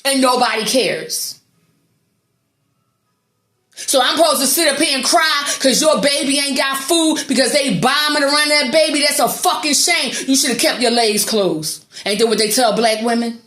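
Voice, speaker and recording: A woman's voice: high voice, normal speed, fairly bright tone, reverberant. A woman delivering an angry, sarcastic, profanity-heavy rant to her viewers. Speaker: vlogger. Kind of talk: angry ranting monologue.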